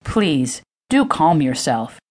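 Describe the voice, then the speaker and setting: A woman's voice: low-pitched, normal speed. A woman voicing a polite, formal male solicitor who is small and fussy.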